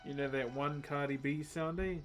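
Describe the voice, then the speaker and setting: A man in his thirties with a New Zealand accent, chatting casually to his livestream chat in a relaxed, slangy way while he carves wood. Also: fairly high pitch, normal speed, faint music behind. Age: 30s. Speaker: wood carver streaming live.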